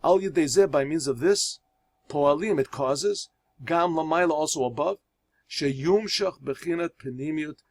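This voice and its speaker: A man, a rabbi teaching a religious class, who reads Hebrew phrases aloud and explains each one in English, telling parables with pauses and restarts. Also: on the high side. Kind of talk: religious lesson.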